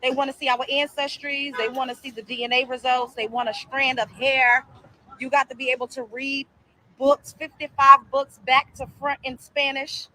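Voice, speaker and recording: A woman's voice: sits high, flat delivery, moderate pace, bright, forceful tone, roomy sound, a little hiss or hum. A woman hosting a reaction commentary show, blunt and profane, firing off rhetorical questions.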